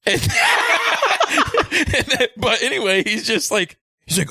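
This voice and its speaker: A fairly high, bright and lively man's voice, recorded dry and close. He rattles through profane, animated retellings of scenes, dropping into quick voices. It is casual podcast chat between friends. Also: husky, no room sound. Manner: animated, profane storytelling with impressions and loud laughs. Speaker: podcast co-host.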